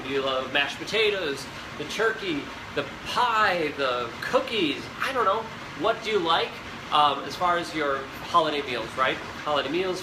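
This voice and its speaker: A young man hosts a live cooking show, chatting and rambling as he speaks directly to viewers, his voice a little higher than most men's. The recording was made in an echoey home kitchen with background noise. A fan hums clearly behind him.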